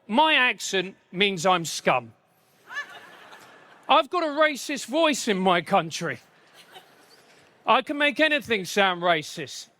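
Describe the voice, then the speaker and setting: A man's voice: very high-pitched, pushed and bright. A man with an English accent performing live stand-up comedy in a punchy, self-mocking way. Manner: punchy, self-mocking delivery with quick asides.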